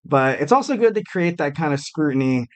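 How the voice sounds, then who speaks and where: A man's voice: fairly high pitch, animated, brisk. Rambling man hosting a wrestling podcast. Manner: rambling, self-deprecating, frequent fillers. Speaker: podcast host. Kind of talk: casual solo podcast commentary.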